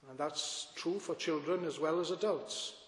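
Male pastor, sermon, earnest, rhetorical questions, slightly high voice, reverberant church hall. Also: moderate pace. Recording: echoey church with long reverb.

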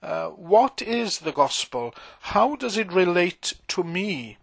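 A man preaching a sermon as pastor, earnest and emphatic, pausing often with fillers. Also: sits high, big pitch swings, vocal fry, no room sound.

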